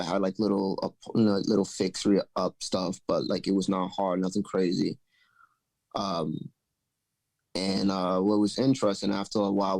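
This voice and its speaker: A man hosting a podcast, telling a story in a loose, animated, profane way. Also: deep voice, gravelly, no room sound, low-quality recording. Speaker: podcast host. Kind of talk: casual storytelling chat.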